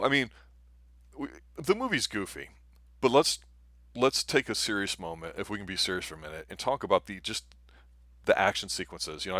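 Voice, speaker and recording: A man hosts a live movie review stream in relaxed, easygoing talk. His voice sits low but sounds bright. The recording is dry and close. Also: no room sound. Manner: easygoing, laughs along. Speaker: movie review show host. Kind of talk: casual live-stream chat.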